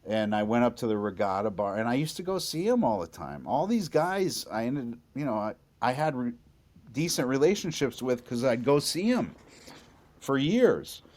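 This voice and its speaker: A man from New England, a bassist guest, telling stories in a podcast interview in an animated, excitable way with frequent restarts. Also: normal speed.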